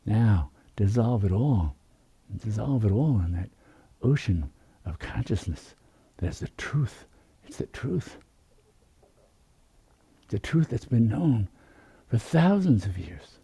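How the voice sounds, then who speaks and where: A man giving a slow, soft-spoken spiritual talk as a meditation teacher, with unhurried, drawn-out phrasing. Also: lowish voice, sing-song, creaky, slightly rough.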